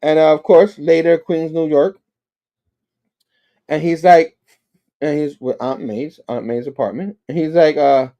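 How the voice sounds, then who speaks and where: A man hosting a casual comic book review, chatty and retelling scenes with quick laughs. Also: a little high, steady tone, dark tone. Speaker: host.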